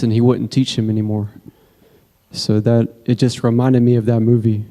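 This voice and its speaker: A man with a warm, dark voice chats hesitantly to his teacher. The sound carries a long hall reverb. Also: medium pitch, level tone, normal speed. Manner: casual, hesitant retelling with fillers. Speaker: student asking a question.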